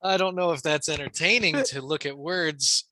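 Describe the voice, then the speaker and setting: A man's voice: fairly high pitch, moderate pace, sharp tone, slight background noise. A man co-hosting a podcast in casual chat, rambling and hesitant, with lots of restarts and casual swearing. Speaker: podcast co-host.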